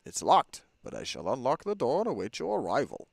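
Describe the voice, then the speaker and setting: A man's voice: medium pitch, huge pitch swings, a little fast, vocal fry, no echo, studio quality, pitched above the performer's own voice, exaggerated voice. A man doing a fussy nasal old scholar. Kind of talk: reading game dialogue aloud.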